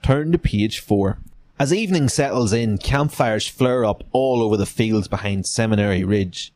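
A podcast host reading a gamebook aloud and breaking off for irreverent, sweary jokes. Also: male voice, lowish voice, moderate pace, darkish tone.

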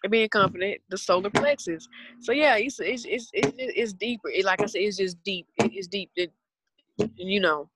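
On a podcast, a woman in her twenties with a Southern US accent chats casually and earnestly about spirituality, rambling as she goes. Her medium-pitched voice moves at a moderate pace over heavy background noise.

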